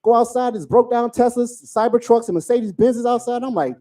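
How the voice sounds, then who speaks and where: Male stand-up comic, forties, high and mellow, loose profane storyteller. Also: normal speed. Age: 40s. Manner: profane, storytelling, animated asides. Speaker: stand-up comedian. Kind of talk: stand-up comedy set.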